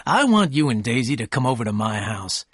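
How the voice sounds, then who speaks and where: A man playing an eager, courteous rich gentleman. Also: medium pitch, big pitch swings, a little fast, husky, no echo, studio quality. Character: charming wealthy young man, eager and dreamy. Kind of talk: audiobook reading.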